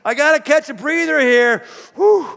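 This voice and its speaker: A preacher putting on an exhausted, gasping God, huffing and exclaiming in a high voice. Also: male voice, expressive, normal speed, vocal fry, a bit bright, full character voice. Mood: panting, comic. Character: winded God gasping for breath, male. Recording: long hall reverb.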